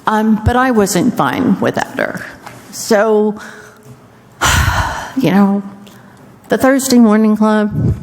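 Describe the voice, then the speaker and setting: Slow chatty woman in echoey chamber. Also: mid-range voice, lively intonation. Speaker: council member. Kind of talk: council report. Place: borough council chamber.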